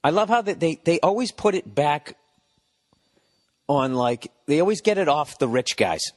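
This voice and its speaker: A man's voice: a little high, normal speed. Boston guy in his 40s ranting and swearing on his home podcast, sarcastic, reverby room. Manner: profane, sarcastic, animated rants. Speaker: podcast host. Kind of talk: rambling comedic monologue. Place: home, recording indoors.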